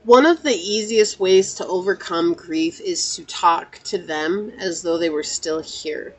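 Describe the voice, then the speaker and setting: A woman's voice: lowish voice, a little slow, poor audio. Emotional woman sharing a heartfelt talk. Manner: earnest, repeats phrases, often says "you know". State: emotional, near tears. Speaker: tarot channel host. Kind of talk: personal heartfelt talk to viewers.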